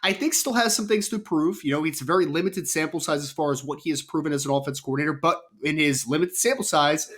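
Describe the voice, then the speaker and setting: Podcast co-host, male, slightly raised pitch, assured and quick, stumbles and self-corrects. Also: fairly bright tone. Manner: confident, rapid, corrects himself mid-sentence. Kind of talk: casual sports debate.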